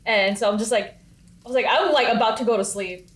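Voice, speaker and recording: A woman's voice: on the high side, fast. A woman chatting casually among friends, rambling with lots of "like" fillers. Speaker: dance company member. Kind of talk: casual chat.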